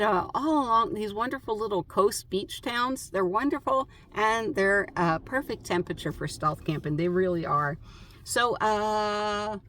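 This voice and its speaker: A woman's voice: mid-range voice, a bit bright. A woman vlogger chatting casually about her travels, rambling with lots of fillers. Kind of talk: casual chat.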